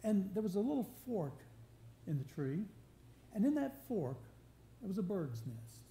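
Heard over a roomy church live stream with a faint hum, a pastor preaches in a sanctuary at a moderate pace. His voice is high but dark in tone and very animated. He sounds earnest and conversational, often restarting and building emphasis.

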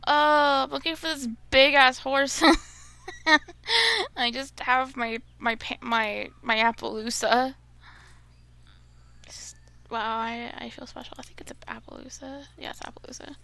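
Grumbling young woman gamer, gravelly. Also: high voice, unhurried, pushed and bright, dry recording. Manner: grumbling, easily exasperated, chatty. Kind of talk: casual gameplay commentary.

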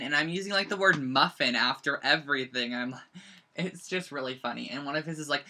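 A teenager hosts a casual live-streamed craft lesson from a bedroom at home, picked up by the camera's own mic. The voice is bright and forward. The talk rambles along, full of "like" and quick side-stories. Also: mid-range voice. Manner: rambling and chatty, heavy use of "like". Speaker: scrapbooking instructor.

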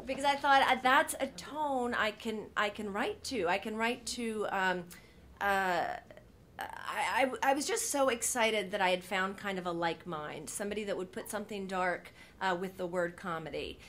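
A woman's voice: medium pitch, a bit bright, slight background noise. A woman in her thirties, a TV writer speaking on a panel, telling a story animatedly with many fillers and restarts, acting out the lines she quotes.

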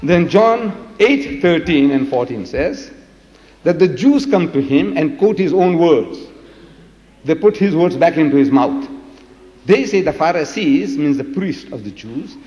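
A man's voice: fairly high pitch, animated, a little slow, mellow, big-room sound, dull audio. A man giving a public debate speech, retelling scripture dramatically and acting out the quotes.

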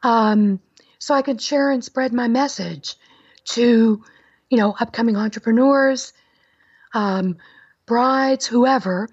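A woman's voice: a little high, slow, darkish tone, no echo, dull audio. A middle-aged woman, chatting upbeat as a guest in an interview. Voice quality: raspy. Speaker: guest, wedding planner. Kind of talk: casual interview talk.

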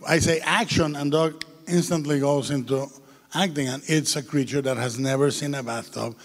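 A film director as interview guest, telling lively anecdotes with frequent hesitations, on the stage of a large hall. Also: male voice, mid-range voice, moderate pace. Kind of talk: onstage festival interview. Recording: long hall reverb.

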